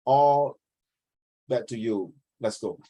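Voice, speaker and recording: A man's voice: mid-range voice, takes it slowly. Blunt man coaching oral reading. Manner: animated, blunt, mixes in Mandarin. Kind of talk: one-on-one tutoring.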